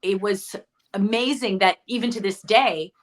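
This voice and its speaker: A middle-aged actress guest telling stories in a chatty interview, often correcting herself mid-sentence. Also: female voice, medium pitch, moderate pace. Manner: chatty, storytelling, self-correcting. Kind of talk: casual interview chat.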